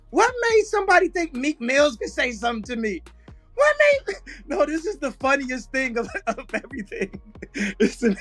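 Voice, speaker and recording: High-voiced man telling rambling stories. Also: big pitch swings, moderate pace, bright, forceful tone, faint music behind. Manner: rambling storytelling, acting out quoted voices. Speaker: podcast guest. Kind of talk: casual podcast conversation.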